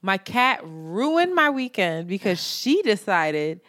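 This podcast co-host, a young woman, speaks slowly in a mid-range voice on a dry, clean studio recording. She's an animated storyteller in a casual chat, swearing liberally and acting out the people she quotes.

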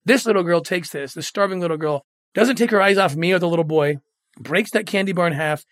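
A man's voice: high voice, fairly quick, a bit bright, no echo, clean studio sound. A middle-aged man, a guest in an interview, telling a moving story earnestly and often repeating words when moved.

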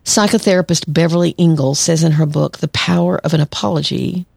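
A woman's voice: low voice, fairly quick, vocal fry, a little mellow, slightly rough, no room sound, clean studio sound. A woman therapist hosting a solo podcast, talking conversationally and acting out quoted lines. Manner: conversational, acts out quoted lines, laughs lightly. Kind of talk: solo podcast advice talk.

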